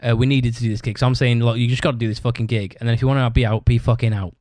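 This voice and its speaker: Casual male podcaster, sweary rambling storyteller, mid pitch, dry sound. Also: level tone, very fast, dry recording. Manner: acts out other people's shouted lines. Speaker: podcast host.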